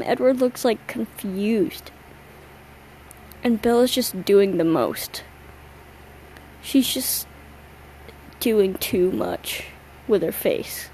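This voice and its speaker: A woman's voice: on the high side, darkish tone, a little hiss or hum, poor audio. A young woman hosting a solo podcast late at night, tired and yawning, rambling in a slangy, self-mocking way. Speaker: podcast host. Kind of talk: casual solo chat.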